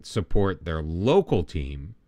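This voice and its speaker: Rambling man, lively low voice. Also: takes it slowly, no echo. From United States. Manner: rambling and self-deprecating, with many restarts. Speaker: game streamer. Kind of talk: casual live-stream chat.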